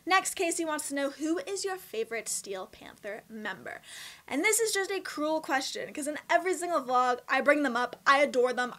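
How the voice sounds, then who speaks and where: Bubbly young Canadian woman vlogger with a Canadian accent, high bright voice, expressive casual delivery. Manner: bubbly, chatty and expressive, with laughs and emphatic swings. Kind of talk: casual Q&A vlog.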